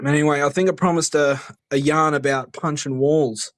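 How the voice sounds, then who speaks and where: A man's voice: a little high, steady tone, normal speed. An Australian man calling in to tell a casual, swear-heavy story. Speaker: caller. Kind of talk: recorded phone-in story.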